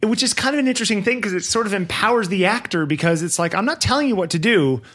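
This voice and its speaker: A man who directs his own productions, chatting in an animated, rambling way. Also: high-pitched, quick pace, breathy edge. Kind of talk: casual conversation.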